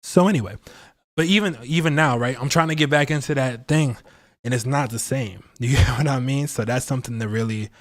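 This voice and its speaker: A man's voice: medium pitch, brisk. Male tarot streamer, mid-range voice, loose and slangy, jokes and laughs between points. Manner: playful, slangy, laughs often. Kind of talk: casual livestream tarot talk.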